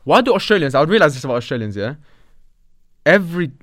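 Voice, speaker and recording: A man co-hosts a podcast, firing off slangy banter at a quick clip. The recording is close and dry, with no room sound. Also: a little high, sing-song, a bit bright, dry recording. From London. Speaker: podcast co-host. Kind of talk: casual chat.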